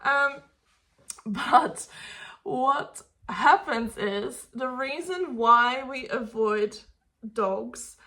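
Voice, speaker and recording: A woman's voice: sits high, extremely slow, bright, forceful tone. A woman dog trainer speaking her mind in a vlog, blunt and exasperated, swearing casually as she argues her point. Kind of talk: opinionated talking-head vlog.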